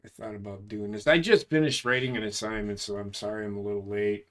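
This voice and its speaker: A man's voice: lowish voice, quick pace. Profane, rambling army veteran in his forties. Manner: profane, rambling, animated when telling stories. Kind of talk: casual storytelling chat.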